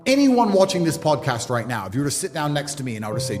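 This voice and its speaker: Man in his thirties, blunt and lecturing, big swings in pitch, slightly high voice, long reverb tail with music bed underneath. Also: sing-song, fast talker. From England. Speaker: podcast guest. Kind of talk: motivational monologue.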